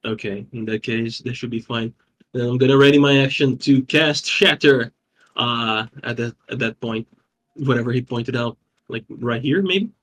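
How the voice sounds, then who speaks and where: A man's voice: mid-range voice, moderate pace, a bit bright. A man playing a tabletop game over an online call, joking and swearing casually as he plans his spells. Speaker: player.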